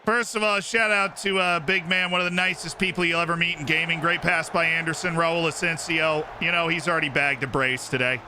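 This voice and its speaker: A male streamer giving lively, excitable commentary on a football management game as he plays live, shouting at his players on screen. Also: a little high, fairly quick, hardly any pauses, background noise.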